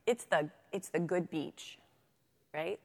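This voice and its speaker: A kindergarten teacher speaking at a faith talk into a microphone. She is lively and asks the audience to answer her. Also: low voice, takes it slowly, creaky. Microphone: handheld microphone. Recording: long reverb of a hall.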